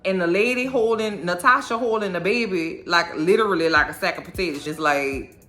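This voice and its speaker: A woman giving a casual, animated and sassy recap of a TV episode. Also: lowish voice, brisk, faint music behind. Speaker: show recapper.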